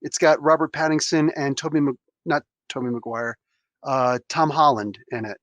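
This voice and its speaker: A man's voice: on the high side, fairly even intonation, moderate pace, fairly bright tone, dry recording. A man hosting a casual podcast chat who rambles with heated, restarting rants. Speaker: podcast host.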